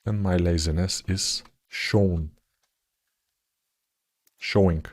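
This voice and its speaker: A man talking through his 3D sculpting work in a live tutorial, thinking aloud in a relaxed, self-deprecating way, with typing heard behind him. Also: low-pitched, very slow. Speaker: 3D artist tutor.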